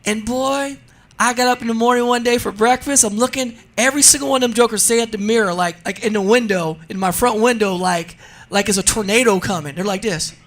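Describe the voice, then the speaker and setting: A man in his forties from New Jersey, a radio interview guest telling funny stories in a lively, laughing way. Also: high voice, brisk. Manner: animated, laughing storyteller. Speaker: guest, drag racer. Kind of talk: casual radio interview storytelling.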